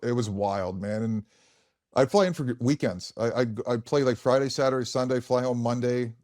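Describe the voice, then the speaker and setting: At normal speed, in a medium-pitched and slightly mellow voice, a forties-aged ex-hockey player shares stories on a podcast. His delivery is frank and rambling, loaded with fillers and swearing, and the studio sound is clean with no room sound.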